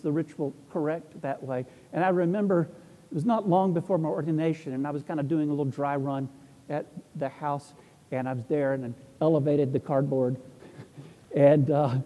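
A man's voice: fairly high pitch, mellow. A middle-aged man, an Orthodox priest, telling rambling, humorous stories in a casual talk. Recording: long hall reverb.

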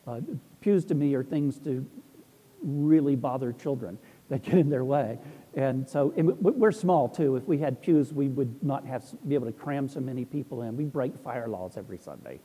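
A man's voice: medium pitch, moderate pace, dark tone, husky. A middle-aged man, an Orthodox priest, telling rambling, humorous stories in a casual talk. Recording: long hall reverb.

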